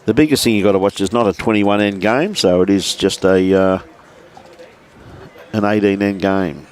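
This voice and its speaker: Over slight background noise, a man with a lowish voice gives live commentary on a lawn bowls match outdoors at a bowls club, speaking at a moderate pace. He's chatty and friendly, greeting viewers by name and slipping "mate" into most of his lines.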